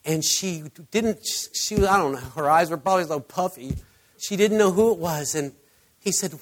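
A man preaching a sermon, telling a story with halting restarts, then praying softly. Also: a little high. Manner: halting, restarting, emotional storytelling that turns soft in prayer. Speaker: pastor.

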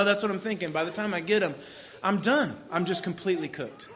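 High-voiced man telling a candid sermon story. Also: expressive, quick pace, a bit bright. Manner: conversational storytelling with bursts of mock frustration. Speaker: pastor.

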